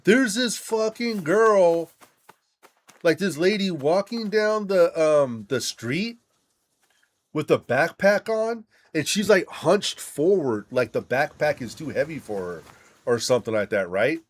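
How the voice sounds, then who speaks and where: A man's voice: on the high side, expressive, a little slow. A young man casually telling a rambling, profane story while gaming, laughing often and restarting his sentences. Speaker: gamer streaming with friends.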